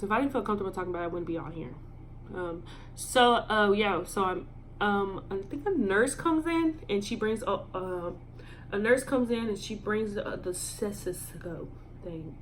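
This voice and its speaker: Woman telling a halting story. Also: medium pitch, slight background noise. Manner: halting and filler-heavy, emotional. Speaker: vlogger. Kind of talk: storytime vlog.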